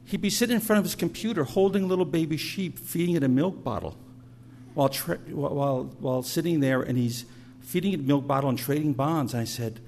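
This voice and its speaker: A man's voice: fairly high pitch, brisk, darkish tone. Male pastor, middle-aged, chatty storytelling sermon delivery, faint background hum. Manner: storytelling, conversational, repeats words.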